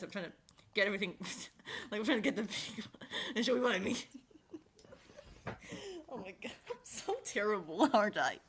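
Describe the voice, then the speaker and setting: A woman's voice: mid-range voice, a bit bright, slight background noise. A woman hosting a casual stream, talking in a giggly, rambling, self-deprecating way, with a lisp. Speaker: streamer host.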